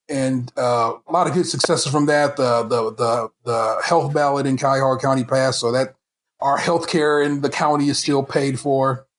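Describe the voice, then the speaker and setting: A man hosting a casual podcast chat, ranting with heated, profane frustration and stumbling restarts. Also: mid-range voice. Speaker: podcast host.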